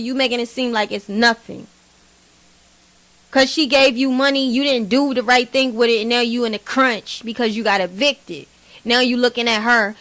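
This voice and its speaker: A woman giving blunt, animated gossip commentary as a vlog host. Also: fairly high pitch. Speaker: commentary vlogger.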